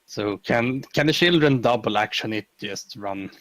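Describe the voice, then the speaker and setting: A man playing at a tabletop game, pushing back on the rules. His voice is on the low side and sounds dry and close, and he mutters counts under his breath. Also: moderate pace, a bit bright, no room sound. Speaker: player. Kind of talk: casual game chat.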